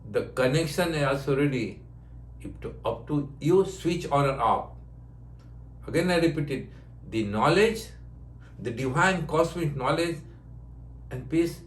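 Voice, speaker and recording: Older man giving a gentle spiritual talk. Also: on the high side, roomy sound. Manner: short simple phrases, repeating himself, laughing often; non-native English with broken grammar. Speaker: yoga teacher giving blessings. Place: ashram.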